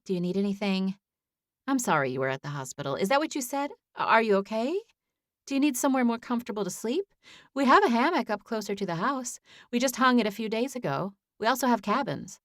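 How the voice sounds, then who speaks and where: Brief: woman playing a doting, talkative grandmother; higher voice, dry studio read. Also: big pitch swings, a little fast, no echo. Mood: flustered. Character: kind, flustered grandmother, chatty and fussing.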